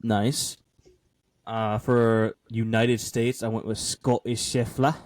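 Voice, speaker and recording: A man's voice: lowish voice, little pitch movement, takes it slowly, a little mellow, no room sound. A man co-hosting a casual sports podcast, joking and playful as he runs through his bets. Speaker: podcast co-host.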